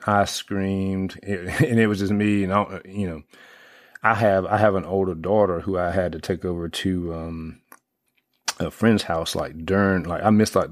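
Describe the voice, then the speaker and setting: Deep-voiced rambling sports fan man. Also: no echo, studio quality. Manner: rambling, heavy on fillers and restarts, excitable when retelling plays. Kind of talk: casual sports talk.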